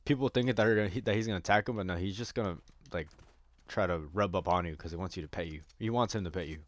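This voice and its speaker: A man's voice: sits low, racing, dry recording. A man giving casual gameplay commentary, rambling and joking crudely with a lot of swearing. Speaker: gaming streamer.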